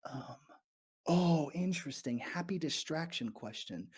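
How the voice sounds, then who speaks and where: A man's voice: a little high, lively intonation, measured pace, breathy edge. A nervous man rambling and laughing as he answers viewer questions during a live stream from an abandoned morgue. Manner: nervous, rambling, giggly, self-deprecating. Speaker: YouTuber livestreaming to fans.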